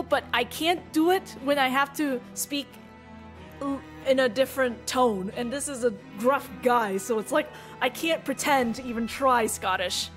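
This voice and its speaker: Woman game streamer, chatty, self-deprecating, high voice, faint game music. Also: measured pace. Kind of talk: casual let's-play commentary.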